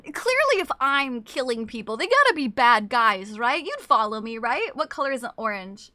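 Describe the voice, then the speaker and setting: A woman's voice: high voice, sing-song, fairly quick, few pauses, bright, forceful tone, dry recording. A young woman streamer chatting casually with her viewers, laughing often and swearing freely.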